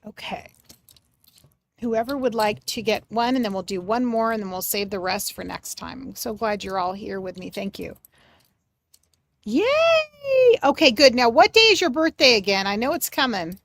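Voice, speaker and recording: A woman giving a live mediumship reading on a livestream, speaking gently and affectionately, sometimes dropping soft and sometimes breaking into excited bursts. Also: mid-range voice, moderate pace, a little hiss or hum. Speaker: psychic medium.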